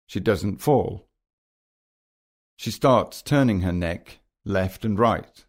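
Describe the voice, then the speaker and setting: A man narrating a children's graded reader in a plain, measured, simple way. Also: fairly low pitch, darkish tone.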